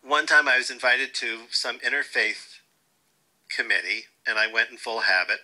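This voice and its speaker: An older man being interviewed, telling wry, lively stories and quoting people along the way. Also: mid-range voice, normal speed, low-quality recording. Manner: wry, animated anecdotes with quoted voices. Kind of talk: storytelling interview.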